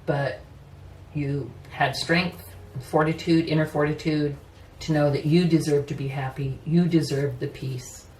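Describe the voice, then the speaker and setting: A woman's voice: deep voice, a little mellow, a little hiss or hum. A woman giving a casual tarot reading, chatty and personal, often saying "you know" and laughing easily. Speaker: tarot reader. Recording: roomy echo, mic at a distance, faint ambience.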